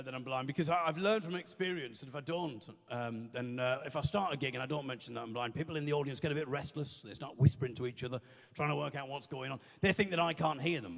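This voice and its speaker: Deadpan man doing stand-up in a hall. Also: medium pitch, gravelly. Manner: deadpan, self-deprecating banter with the audience. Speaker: stand-up comedian. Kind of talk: stand-up comedy with comic songs. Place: live comedy venue. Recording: long reverb of a hall.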